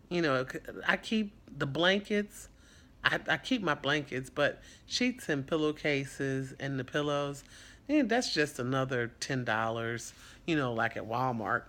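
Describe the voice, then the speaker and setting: A man talks casually to camera about life as a foster parent. His voice is bright and forward at a middling pitch. He comes across as earnest and reflective, with a loose, rambling flow. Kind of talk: casual vlog talk.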